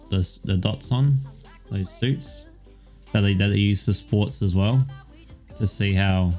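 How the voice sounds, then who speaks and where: Man, young adult, lowish voice, rambling casual chat, faint music behind. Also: darkish tone. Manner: rambling and profane, with many ums and "all right"s. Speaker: podcast co-host.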